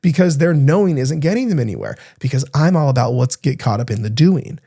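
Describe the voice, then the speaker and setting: Male podcast coach in his thirties, mellow tone, energetic and talkative, loose casual delivery. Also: mid-range voice, a little fast, husky. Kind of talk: solo podcast talk.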